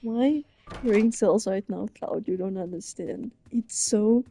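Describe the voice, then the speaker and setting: A woman's voice: medium pitch, takes it slowly, vocal fry, mellow, slight background noise. A young woman chatting casually, flustered and embarrassed, rambling and restarting her sentences. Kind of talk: casual chat.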